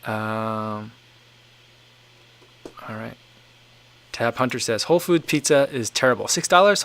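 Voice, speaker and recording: A man in his thirties hosts a relaxed livestream, reading out viewer comments and riffing on them. His voice sits at an ordinary middle pitch. He meanders, circles back and fills gaps with "like" and "um". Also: creaky. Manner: rambling and easygoing, leans on "like" and "um". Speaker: livestream host.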